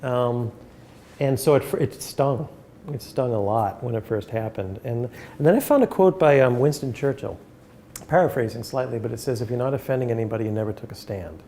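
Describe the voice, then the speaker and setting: A man lecturing to a room of colleagues, earnest and measured, often circling back to restart a phrase. His voice sits at an ordinary middle pitch, with a faint hiss of background noise under it. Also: dark tone. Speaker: academic speaker. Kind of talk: lecture with questions.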